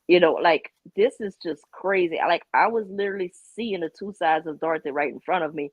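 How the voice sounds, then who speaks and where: Brief: lower-pitched woman, animated storyteller, heard over a thin phone-like call line, very dry. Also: brisk, hardly any pauses, no room sound. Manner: expressive, acts out quotes, emphatic repeated denials. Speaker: guest on a drama commentary stream. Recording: tinny phone-like call audio.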